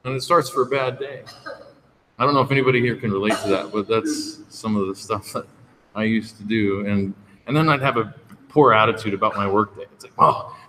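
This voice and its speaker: A man shares his story from a podium at a recovery meeting, frank and conversational, with a somewhat low voice. His words ring out with a long room reverb, over a faint hum of background noise. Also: brisk. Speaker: speaker sharing at a recovery meeting. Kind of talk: candid personal testimony.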